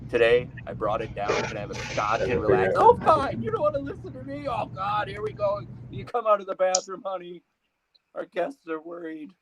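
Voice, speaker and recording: A man's voice: high voice, wildly swooping pitch, moderate pace, crowd noise, voice pushed up, poor audio. A man voicing a weary, henpecked male god who whines and grumbles about his chores at home. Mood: exasperated. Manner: whiny and exasperated.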